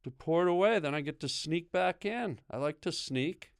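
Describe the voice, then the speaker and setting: Man, guest comedian, goofy absurd banter, smooth resonant voice, dry sound. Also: fairly high pitch, lively intonation, normal speed, dry recording. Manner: goofy, absurd insults with rambling fillers.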